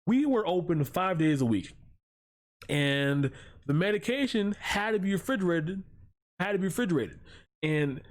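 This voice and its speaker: A young man streaming live, telling a long profane story in a casual, rambling way. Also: on the high side. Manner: profane, rambling, animated storytelling with put-on voices. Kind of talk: casual livestream chat.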